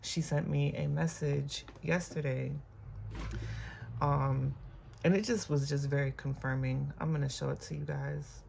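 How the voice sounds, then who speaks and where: An unscripted personal vlog with a host whose voice carries a gravelly, creaky edge at a middling pitch. The host talks candidly and reflectively, pausing often and leaning on fillers. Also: little pitch movement, a little mellow, slight background noise.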